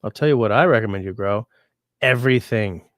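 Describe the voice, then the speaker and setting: Man, host reading viewer comments, rambling, sick, lowish voice. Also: fairly quick, dry recording, studio quality. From Canada. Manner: rambling, relaxed, reads viewer comments aloud. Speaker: livestream host. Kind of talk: casual livestream chat.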